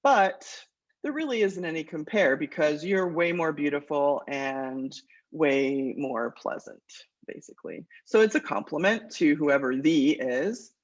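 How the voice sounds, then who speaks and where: A woman's voice: sits low, expressive. Woman teaching a literature class. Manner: explains patiently, reads verse aloud with measured rhythm. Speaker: college English teacher. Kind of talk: classroom lecture with poetry reading. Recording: dull lo-fi lecture recording.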